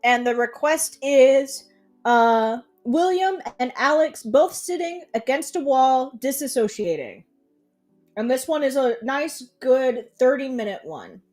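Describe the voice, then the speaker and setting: Dry, teasing stream co-host, woman; high voice, easygoing pace. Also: expressive, slow, a little mellow, soft background music. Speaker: stream co-host reading requests. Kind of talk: casual live-stream chat.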